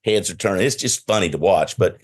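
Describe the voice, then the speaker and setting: A man's voice: deep voice, brisk. A middle-aged man with a Southern US accent, a guest in a casual podcast interview on a video call, talking in a direct, confident way and telling stories. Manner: direct, confident, storytelling with quoted dialogue. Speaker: guest, enterprise salesperson.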